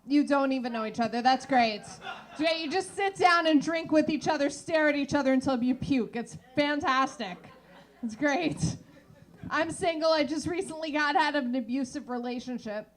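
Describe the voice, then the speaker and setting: A woman's voice: sits high, normal speed. A woman doing brash, crude stand-up in a bar, teasing the audience. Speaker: stand-up comedian. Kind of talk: stand-up comedy. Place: bar comedy stage.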